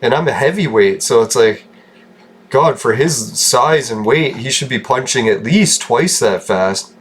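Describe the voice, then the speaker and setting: A man's voice: mid-range voice, expressive, measured pace, husky. A man from Canada giving rambling, casual commentary over gameplay, joking, swearing and laughing often. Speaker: gaming channel host.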